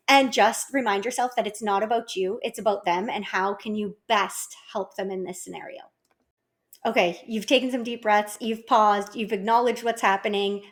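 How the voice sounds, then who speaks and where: A woman in her thirties, a parenting consultant, giving an encouraging, direct and informal talk over slides. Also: medium pitch.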